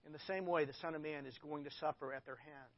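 A man's voice: on the high side, steady tone, fast, highs cut off. A man preaching a sermon as a pastor, talking casually and reading scripture aloud with rising emphasis. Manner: conversational, reads scripture with emphasis.

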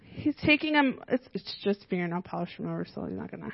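A woman teaching a children's church lesson, lively and often asking the kids questions. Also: medium pitch, quick pace, creaky, highs cut off.

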